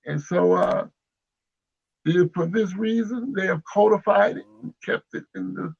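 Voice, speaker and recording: A man speaking slowly and haltingly with many pauses, preaching on spiritual matters. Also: high-pitched, gravelly, slightly rough. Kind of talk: spiritual discussion. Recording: dull lo-fi sound.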